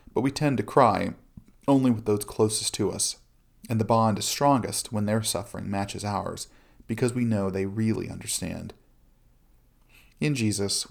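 A man giving an earnest, measured scripted devotional reading. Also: fairly low pitch, vocal fry. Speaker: Christian speaker.

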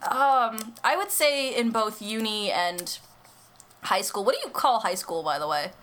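A woman's voice: on the high side, a little slow, a bit bright. A young American woman hosting a casual chat over a video call, chatty and giggly. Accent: American English. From United States. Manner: chatty, giggly, many fillers. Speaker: podcast host.

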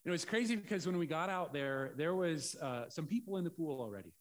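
A man preaching through a personal story, chatty and animated with playful asides. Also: on the high side, fast talker. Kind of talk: storytelling sermon.

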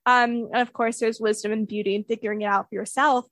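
Earnest woman, higher pitch, casual explainer with fillers, dry close recording. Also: steady tone, quick pace, fairly bright tone, dry recording. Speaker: guest sharing therapy experience.

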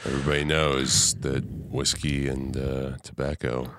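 A man's voice: rumbling low, flat delivery, measured pace, fairly bright tone, slight background noise. A man co-hosting a podcast in laid-back, casual chat. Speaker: podcast co-host.

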